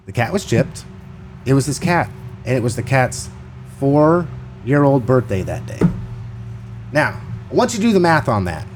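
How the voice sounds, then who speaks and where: A man's voice: medium pitch, slight background noise. Rambling storytelling man. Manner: animated, rambling, fast-talking storyteller. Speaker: podcast host. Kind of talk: casual storytelling.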